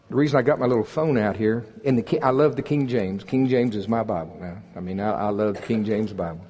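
A man's voice: mid-range voice, darkish tone. Folksy older male preacher in a hall. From Oklahoma. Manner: folksy, joking, builds to emphatic peaks. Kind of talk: sermon. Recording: husky voice in a large reverberant hall.

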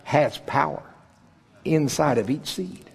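A man's voice: on the high side, expressive, slow pace. A man in his sixties from Oklahoma preaching a sermon in a folksy, joking way that builds to emphatic peaks. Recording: husky voice in a large reverberant hall.

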